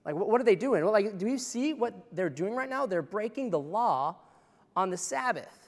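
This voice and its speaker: A man's voice: sits high, animated, moderate pace, big-room sound, voice pushed up. A man voicing indignant, nagging religious lawkeepers in a scolding, whiny tone during a sermon.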